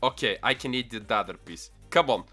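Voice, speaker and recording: A young man giving casual gaming commentary, excitable and quick to swear in frustration. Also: medium pitch, faint music behind. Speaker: gaming channel host.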